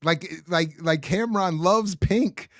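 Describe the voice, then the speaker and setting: A man's voice: sits high, takes it slowly, no room sound, clean studio sound. A man co-hosting a casual podcast chat, joking and laughing as he tells stories. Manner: laughing, joking, animated storytelling. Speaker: podcast co-host.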